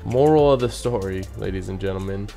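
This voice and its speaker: A young man with a fairly low voice tells a story in a loose, rambling vlog style and keeps dropping in "you know what I mean" asides. Faint music plays softly behind him. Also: brisk, gravelly. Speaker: bartender telling a story.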